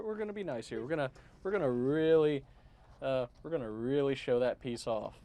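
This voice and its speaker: A man's voice: on the high side, a little mellow. Rambling man running a game. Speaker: game master. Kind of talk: casual stream chat.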